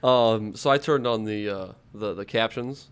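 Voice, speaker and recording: A man's voice: on the low side, unhurried, smooth. A young man co-hosting a casual podcast chat, giggling and trailing off as he talks. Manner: giggly, trails off mid-sentence. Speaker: podcast co-host.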